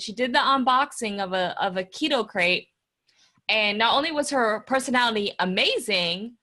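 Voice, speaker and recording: A woman's voice: a little high, bright, forceful tone. A woman hosting a live stream workshop, upbeat and talking straight to her viewers. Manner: upbeat, addresses viewers as guys. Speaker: workshop host.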